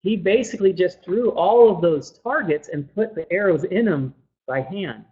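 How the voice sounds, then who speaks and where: A calm elderly village man spoken by a male presenter, patient and fatherly in a steady voice. The audio is dull and lo-fi. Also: sits high, normal speed, breathy edge, voice pushed up. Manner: calm, fatherly, addresses him as son.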